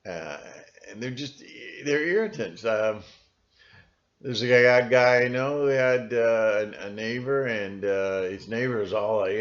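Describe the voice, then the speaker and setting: Halting man rambling on lo-fi audio. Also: medium pitch. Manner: halting, with many fillers and restarts. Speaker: channel host. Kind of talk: rambling solo monologue. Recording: dull lo-fi recording.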